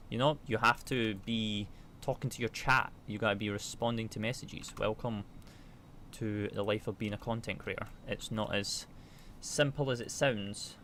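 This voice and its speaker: UK man streaming a flight sim, chatty and relaxed, reads figures aloud, lowish voice. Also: normal speed, slight background noise. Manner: chatty, reads checklist numbers and answers chat aloud. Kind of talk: casual chat while flying a simulator.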